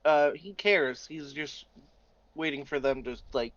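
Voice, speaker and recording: A man's voice: on the high side, unhurried, a bit bright, dry recording, muffled recording. Eager man playing a tabletop game. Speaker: player.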